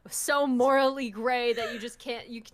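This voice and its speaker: A woman's voice: a little high, steady tone, normal speed. A young adult woman co-hosting a stream, chatting casually and recapping with slang and giggles. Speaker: co-host guest.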